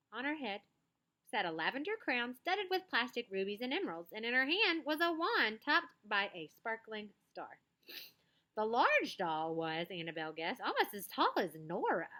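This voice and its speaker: Brief: woman storybook reader, lively read-aloud, crisp bright tone. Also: on the high side. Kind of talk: children's book read-aloud with picture commentary.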